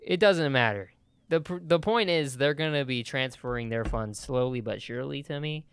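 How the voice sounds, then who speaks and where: A young man co-hosting a podcast, laughing often and reacting with quick, amused remarks in casual chat. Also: medium pitch, clean tone. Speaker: podcast co-host.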